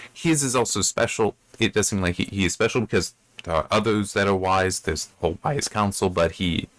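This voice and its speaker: A man's voice: low voice, fairly bright tone, dry recording. A man giving casual, rambling commentary on a book he has read, with frequent restarts and asides. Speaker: book reviewer.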